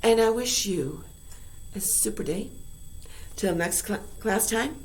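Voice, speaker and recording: Lively woman teaching in an echoey room. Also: medium pitch, slow, a little hiss or hum. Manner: lively, playful, repeats key words. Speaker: high school English teacher. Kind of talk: recorded online grammar lesson.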